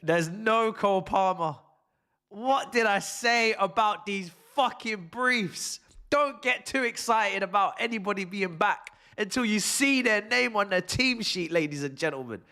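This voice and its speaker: A man hosting a football fan stream, with a high-pitched, bright voice. He talks in a theatrical, exasperated way, drops from low muttering into shouted outbursts and laughter, and swears freely. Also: expressive, a little slow. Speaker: host of a football watch-along stream. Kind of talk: live fan reaction stream.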